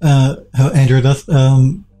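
A man's voice: mid-range voice, steady tone, slow, dark tone, soft background music. A man developing a game on a live stream, reading viewers' chat aloud and replying casually with lots of fillers and restarts, while he is losing his voice. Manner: reads out chat messages and answers them, with many fillers and restarts.

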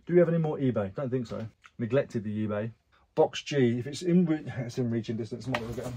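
A fast-talking young British man with a mid-range voice chats about his resale sales over background noise. The reseller vlogger reads buyer messages aloud and drops the odd swear word.

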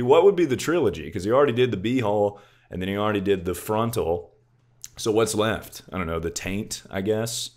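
A young man hosting a casual livestream, laid-back and joking, swearing freely and calling his chat "dude" and "brother". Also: darkish tone. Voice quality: very deep voice.

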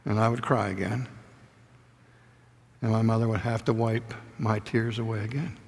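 An older man preaching a sermon lecture, telling stories and dropping to a hushed voice on tender points. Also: fairly low pitch, flat delivery, normal speed, vocal fry. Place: lecture hall. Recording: long hall reverb.

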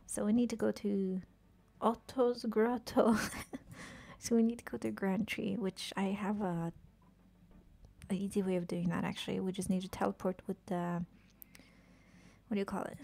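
Husky, mellow-voiced woman streamer. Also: medium pitch, little pitch movement, normal speed, pauses often. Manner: chatty, swears casually, talks to game characters; often drops to a whisper. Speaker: game streamer. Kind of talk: casual live-stream chat while gaming.

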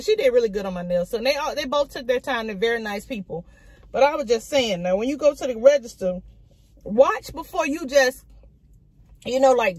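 A high-voiced woman vlogs to camera from her home, seated on the floor of a dimly lit room. Her talk is casual, chatty, slangy and animated.

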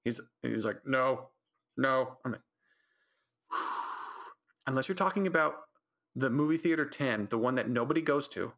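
Gravelly, bright-voiced male podcast host. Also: medium pitch, lively intonation, a little slow, pauses often. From California high desert. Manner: rambling storytelling with many restarts. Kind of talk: casual solo podcast talk.

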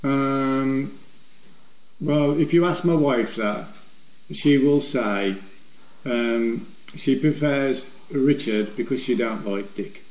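Speaking slowly in a mid-range, darkish voice, this older West Midlands man from a motovlog group chats casually and answers questions with meandering jokes and banter. The low-quality recording is reverberant, with slight background noise.

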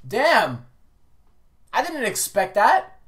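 A woman hosting a casual anime reaction video, excitable and slangy, talking back at the screen with frequent exclamations and laughter. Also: on the high side, very slow. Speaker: reaction channel host.

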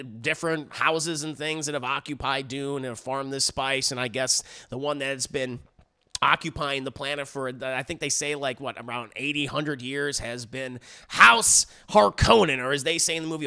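Brief: a man who talks to his stream chat about a movie, rambling and loose with swearing, a smooth, clear voice. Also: fairly high pitch, sharp tone. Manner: rambling, repeats words, swears casually, addresses chat. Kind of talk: casual live-stream movie review.

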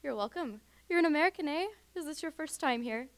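A woman voicing an old Irish woman on a bus, with a put-on Irish accent, friendly small talk that turns into a hushed warning. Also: expressive, a little fast. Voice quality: higher and louder than her narration.

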